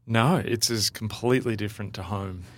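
A man's voice: lowish voice, normal speed, dry recording. A man with an Australian accent, a church leader speaking as a podcast guest in an easygoing way. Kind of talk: conversational interview.

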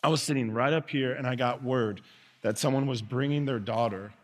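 A male pastor preaching from the front of a church, his voice sitting in a middle register. He talks earnestly, slowing down and going quiet, then lifting to loud calls. A long hall reverb trails after every line. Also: medium pitch. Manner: earnest preaching, swings between soft and loud. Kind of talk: sermon. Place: church sanctuary.

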